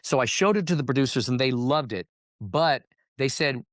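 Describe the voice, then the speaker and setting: A man spins stories in an easy, animated way, now and then dropping into playful character voices. His voice sits at an ordinary middle pitch. The sound is dry and close, with no room around it. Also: moderate pace, no echo. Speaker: guest entertainer. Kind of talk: casual interview chat.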